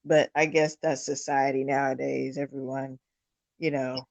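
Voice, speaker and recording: A woman's voice: rumbling low, flat delivery, measured pace, vocal fry, darkish tone, dry recording. A woman co-hosting a casual sports talk show, blunt, heated and profane. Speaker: podcast co-host.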